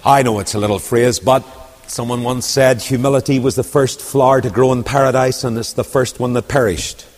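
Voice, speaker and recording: A man with a lilt preaching a storytelling sermon, dropping to quiet asides and rising to loud, ringing declamation. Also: medium pitch, steady tone, brisk. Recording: long hall reverb.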